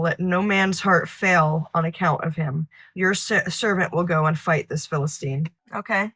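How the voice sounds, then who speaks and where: Woman, lowish voice, reads verses aloud, quick comments, dry sound. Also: a bit bright, no room sound. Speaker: study group member. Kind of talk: casual Bible study discussion. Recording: dry, cleaned-up audio.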